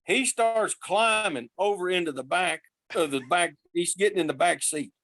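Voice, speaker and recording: A man telling road stories casually as a podcast guest, lively and acting out the voices of the people he quotes. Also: high-pitched, moderate pace. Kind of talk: casual storytelling.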